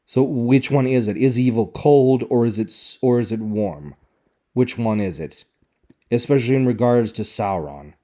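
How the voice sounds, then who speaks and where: A video reviewer with a mellow, mid-range voice speaks at a normal speed. He picks apart a show's dialogue with sarcastic, exasperated commentary.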